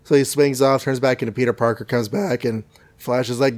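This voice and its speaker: A man's voice: medium pitch, fairly even intonation, brisk, a little mellow. A man hosting a podcast, casually recapping a cartoon episode with jokes and self-corrections. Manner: rambling, self-correcting, jokey. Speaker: podcast host.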